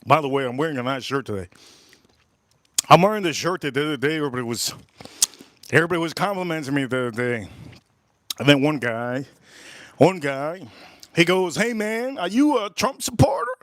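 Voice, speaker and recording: A man's voice: medium pitch, animated, moderate pace, long pauses, a bit bright, dry recording. A man reviewing whiskey in casual live-stream chat, enthusiastic and repeating his phrases.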